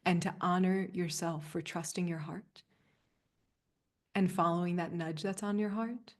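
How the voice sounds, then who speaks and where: Earnest soft-spoken woman coach. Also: lowish voice, steady tone, measured pace. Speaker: spiritual coach leading a group session. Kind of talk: live community coaching session.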